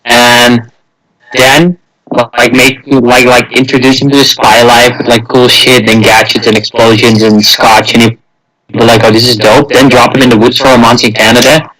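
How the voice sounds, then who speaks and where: Bright-voiced young man rambling on a podcast. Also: medium pitch, flat delivery, moderate pace, low-quality recording. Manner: rambling, acts out scenes in silly voices. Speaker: podcast co-host. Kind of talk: casual podcast banter.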